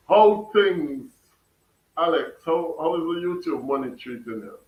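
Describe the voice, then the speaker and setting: A Jamaican man chats casually on a livestream, laughing and firing questions back at his viewers. His voice sits a little high for a man. He is set back from the mic in an echoey room. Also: animated, takes it slowly, distant mic, dull audio, a little hiss or hum. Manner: laughs often, questions his chat, mixes patois. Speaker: livestream host reading chat. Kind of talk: casual chat.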